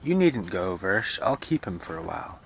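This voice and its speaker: A man voicing a young girl who coaxes and comforts her brother gently. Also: low-pitched, big pitch swings, moderate pace, creaky, slight background noise, full character voice. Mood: gentle. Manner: gentle, coaxing. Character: tender young girl, loving older sister.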